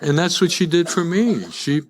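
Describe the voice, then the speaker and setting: A man's voice: fairly high pitch, animated, moderate pace. An older man, speaking to a live audience as a recovery speaker, telling his own story with self-deprecating humor and frequent restarts. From Chicago. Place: live event before an audience.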